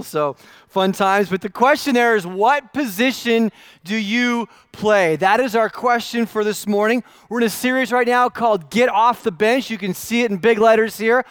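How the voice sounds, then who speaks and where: Pastor, male, young adult, high-pitched, chatty self-deprecating sermon, dry close mic. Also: fairly bright tone, clean tone, dry recording. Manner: casual, self-deprecating storytelling with filler words.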